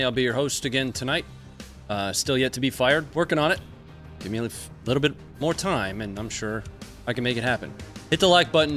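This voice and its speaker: A man's voice: medium pitch, pushed and bright. Casual American male livestream host. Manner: loose, joking, greets chat by place names.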